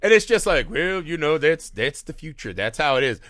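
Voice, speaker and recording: A man's voice: a little high, sing-song, normal speed, a bit bright, no echo, studio quality. A man co-hosting a casual movie podcast, riffing loosely, acting out scenes in silly voices and swearing freely. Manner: swears often. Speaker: podcast co-host. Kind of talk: casual movie review chat.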